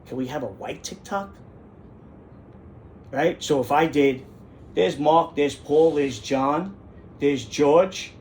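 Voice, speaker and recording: A man's voice: on the high side, lively intonation, measured pace, a little mellow, slight background noise. A middle-aged man, hosting a casual monologue in an indignant, rambling way that repeats phrases for emphasis. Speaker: host.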